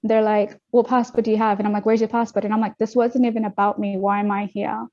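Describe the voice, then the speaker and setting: A young adult woman from Australia, a guest telling her story in a casual interview, animated and quick, acting out what others said. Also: medium pitch. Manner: animated, quick retelling with acted-out quotes. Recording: dull lo-fi audio.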